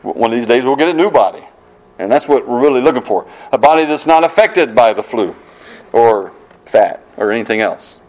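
A man preaching a sermon, earnest and repetitive, slowing down on key phrases for emphasis. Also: mid-range voice, lively intonation, darkish tone, poor audio. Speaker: pastor.

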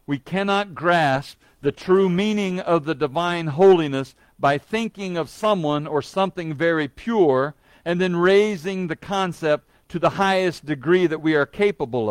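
A man's voice: fairly high pitch, dry recording. A man preaching a sermon in an earnest, emphatic way, stressing words by repeating them, with an occasional light joke.

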